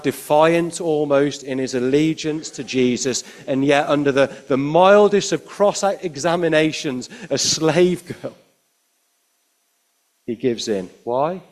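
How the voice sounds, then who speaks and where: A man preaching a sermon, telling the story expressively with frequent rhetorical tag questions, rising to emphatic peaks and dropping to hushed lines. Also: medium pitch.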